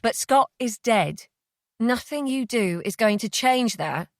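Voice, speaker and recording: Woman doing a coolly manipulative man, smug, quietly self-satisfied, dry close audiobook sound. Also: on the high side, animated, slow pace, no echo. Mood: cold. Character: obsessive controlling ex-boyfriend, man, calm and smug. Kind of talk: audiobook character voice.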